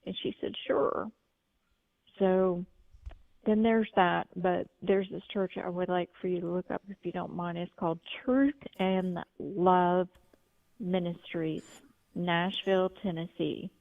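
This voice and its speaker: Gravelly woman calling in by phone. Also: lowish voice, steady tone, takes it slowly, no echo. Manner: rambling storytelling with frequent restarts. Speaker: caller. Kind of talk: call-in testimony. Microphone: telephone. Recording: tinny phone line, dry.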